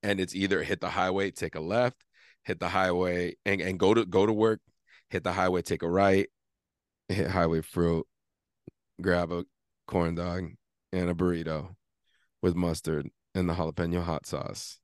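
A man's voice: deep voice, fairly even intonation, normal speed, no room sound, studio quality. A man on a podcast, casually telling a story with lots of swearing and acting out his own inner argument. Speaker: podcast co-host. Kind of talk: casual chat.

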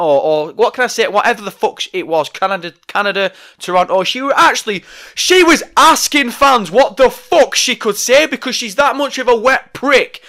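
A man's voice: extremely high pitch, lively intonation, moderate pace, bright, forceful tone. A man delivering an angry, profane, sarcastic rant about wrestling. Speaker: wrestling commentator. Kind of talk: ranting monologue.

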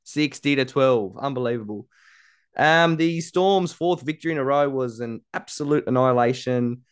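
A man's voice: mid-range voice, moderate pace, smooth. A man co-hosting a casual rugby league podcast, playful and argumentative, often laughing as he reads out results. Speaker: podcast co-host. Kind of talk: casual sports chat.

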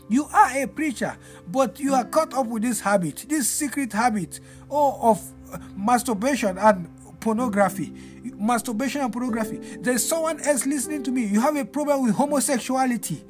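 A male pastor delivering a fervent deliverance sermon, repeating phrases in a sing-song preaching cadence. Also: extremely high pitch.

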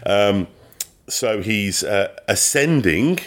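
A man co-hosting a podcast, recapping a TV episode in casual chat, rambling with many pauses and restarts. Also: fairly low pitch, animated. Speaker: podcast co-host.

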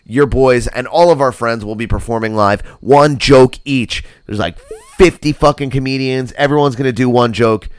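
A man's voice: medium pitch, normal speed, clean tone, dry recording. A man hosting a podcast in casual banter, laid-back and heavy on profanity. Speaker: podcast host.

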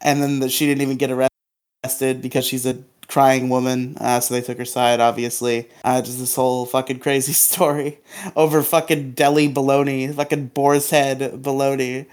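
A man's voice: medium pitch, flat delivery, normal speed, a little mellow. A man co-hosting a podcast, talking casually with crude language and frequent laughter. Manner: crude, laughs often, swears freely. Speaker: podcast co-host.

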